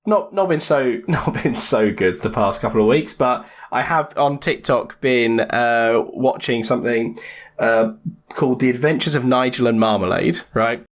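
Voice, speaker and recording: A man's voice: mid-range voice, normal speed. An English man co-hosting a podcast, chatting casually and enthusiastically, laughing often and swearing freely. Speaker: podcast co-host. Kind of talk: casual chat.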